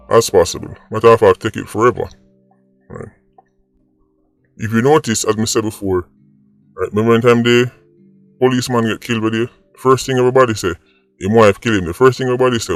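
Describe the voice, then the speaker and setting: A man's voice: on the low side, brisk, no room sound, faint music behind. A Jamaican man hosting an opinion vlog, arguing his point and tagging rhetorical "right?" onto his sentences. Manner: argumentative, rhetorical "right?" asides. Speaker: vlog host. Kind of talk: opinion commentary.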